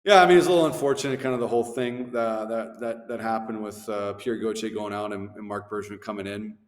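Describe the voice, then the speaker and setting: A man's voice: on the low side, fast talker. A man in his thirties, a former hockey player, telling laid-back, slangy stories as an interview guest. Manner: laid-back, animated anecdotes with slangy asides. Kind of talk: casual storytelling interview. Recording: echoey room with long reverb.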